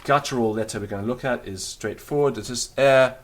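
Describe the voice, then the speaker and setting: A man's voice: mid-range voice, fairly quick. A man teaching a recorded beginner language lesson, explaining patiently and demonstrating the sounds aloud.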